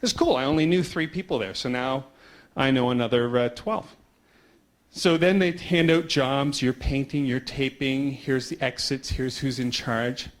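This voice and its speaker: Male conference speaker, quick animated storyteller, casual and conversational. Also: mid-range voice. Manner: animated storyteller acting out dialogue; quick pace with slowing down. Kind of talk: storytelling talk to an audience.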